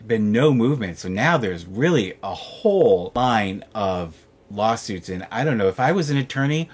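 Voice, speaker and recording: Husky-voiced man chatting on a vlog. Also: lowish voice, lively intonation, normal speed. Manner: chatty, repeats questions. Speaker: vlogger and cat rescuer. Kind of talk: casual vlog commentary. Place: home.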